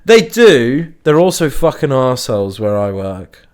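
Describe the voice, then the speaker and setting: A man's voice: mid-range voice, normal speed. Sweary young man telling stories. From Liverpool area, England. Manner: sweary, animated anecdote-telling with acted quotes. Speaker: podcast host. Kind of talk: casual chat, storytelling.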